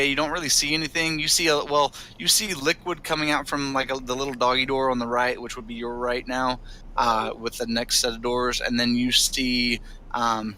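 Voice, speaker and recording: Male game master, rambling narrator, very bright tone, faint noise. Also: medium pitch, rough recording. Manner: rambling, many restarts and fillers.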